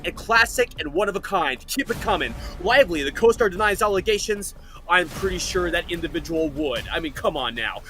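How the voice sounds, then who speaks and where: A male panel guest delivering quick, punchy comedic hot takes. His voice is high and bright, with a tense edge. Faint music plays behind him. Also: animated. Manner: punchy, emphatic quips.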